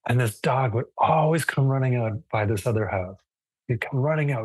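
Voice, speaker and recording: Husky-voiced man teaching a yoga class. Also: mid-range voice, normal speed, dry recording, rough recording. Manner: casual, thoughtful, many restarts and fillers. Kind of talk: relaxed live class lecture.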